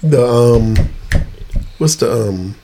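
A man co-hosting a casual podcast chat, talking at a middle pitch. He explains his ideas at length and laughs often. Faint ambient noise sits under his voice. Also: lively intonation, takes it slowly, mellow. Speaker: podcast co-host.

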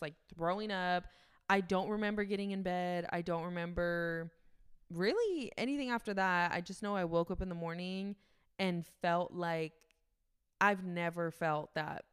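A woman's voice: lowish voice, clear, resonant tone. A young woman co-hosting a podcast, telling a story in loose casual chat with frequent swearing. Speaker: podcast co-host.

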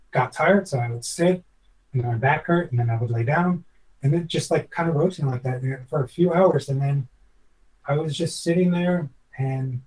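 A man's voice: on the high side, darkish tone, far from the mic, poor audio. A former chef, a man, telling a long personal story in a podcast interview, reflective and earnest, rambling with many restarts.

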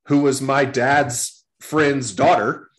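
A man's voice: medium pitch, fairly even intonation, slow. A man in his forties from Texas, a guest telling long stories in a casual interview, with many restarts. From Texas, USA. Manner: rambling, repeats words and restarts often.

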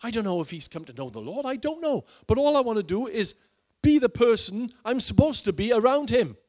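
A middle-aged man preaching a sermon, dramatic and shifting between loud urging and hushed low lines. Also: very animated, a little fast. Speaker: pastor.

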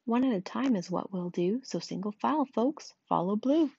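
A cheerful storybook mayor who speaks in a grand, speechmaking way, as a woman reading aloud puts him on. The voice is slightly raspy, and the recording is dry and dull. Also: mid-range voice, expressive, moderate pace, dark tone, dry recording. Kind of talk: reading a picture book aloud. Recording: dull, muffled sound.

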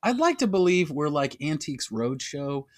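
A man's voice: fairly high pitch, very animated, moderate pace, no room sound, clean studio sound. A man co-hosting a comedy podcast, joking and self-mocking as he rambles through casual chat. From United States. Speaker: podcast co-host.

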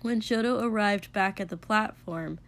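A woman's voice: medium pitch, moderate pace. Woman reading a story aloud. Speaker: narrator. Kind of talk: reading fan fiction aloud.

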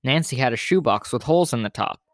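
A man reads a children's story aloud with steady, plain storybook pacing. His mid-pitched voice is recorded close and dry, with no room sound behind it. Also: fast, dry recording.

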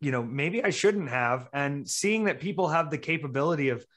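A man's voice: fairly high pitch, lively intonation, normal speed, a bit bright. A chatty man from the American South with a Southern accent, talking in a slightly raised voice. He tells stories loosely and acts out the quotes in them, as a guest in a casual conversation. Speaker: guest, professional wrestler. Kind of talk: casual chat.

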